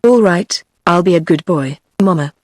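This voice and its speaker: A woman's voice: on the low side, lively intonation, normal speed, no echo, studio quality. A text-to-speech woman's voice with a British English accent, reading the lines of an earnest, flustered young man. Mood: pleading. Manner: earnest, pleading.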